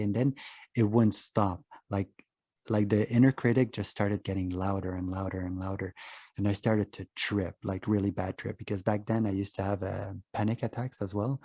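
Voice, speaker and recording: Young guy hosting a podcast, low voice, dry close sound, swears a lot telling stories. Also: mellow, dry recording. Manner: candid, swears freely, acts out his inner voice. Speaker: podcast host. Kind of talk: casual conversation, storytelling.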